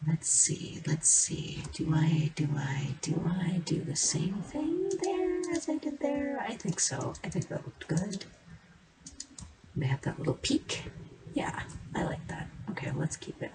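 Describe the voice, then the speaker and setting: A woman giving casual, rambling commentary while building in a game, playful, with sing-song noises and soft murmured asides. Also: deep voice, very animated, measured pace, vocal fry, noisy background. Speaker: game streamer. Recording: keyboard and mouse clicks behind the voice.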